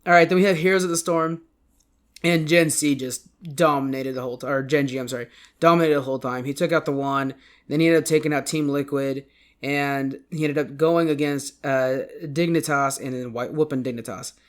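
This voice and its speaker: A man's voice: on the high side, steady tone, a little fast. A man hosting a casual podcast, rambling through an esports recap and often correcting himself. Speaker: podcast host.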